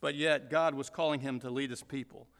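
A man from Georgia teaching through a Bible passage verse by verse, explaining deliberately and repeating points for emphasis. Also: mid-range voice, steady tone, a bit bright, big-room sound.

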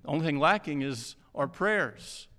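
A male pastor preaches a sermon, retelling stories with animated energy and frequent restarts. His voice is high and bright. The sound carries the long reverb of a church hall. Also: normal speed.

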